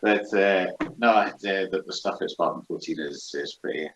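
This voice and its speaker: A man co-hosts a casual podcast, laughing often and hesitating with fillers. His voice sits fairly low, and the recording sounds dull, with faint noise behind. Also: normal speed. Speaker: podcast co-host. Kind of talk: casual chat.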